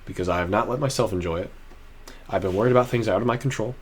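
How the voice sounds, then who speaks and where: In a personal vlog, a young man talks to camera with earnest, heartfelt emotion, rambling and often restarting. His voice is lowish, husky and rapid-fire.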